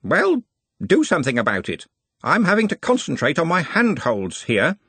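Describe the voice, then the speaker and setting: A stern, self-important older servant who puffs himself up above his station, as a male reader puts him on. The voice is pitched above the reader's own, with a husky texture. It is recorded dry and close. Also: huge pitch swings, moderate pace, a bit bright, dry recording, full character voice. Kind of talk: audiobook character voice.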